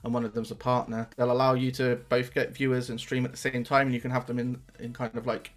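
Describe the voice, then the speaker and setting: A man's voice: mid-range voice, little pitch movement, fast talker. A young man, chatting casually as a guest on a streaming podcast and swearing now and then.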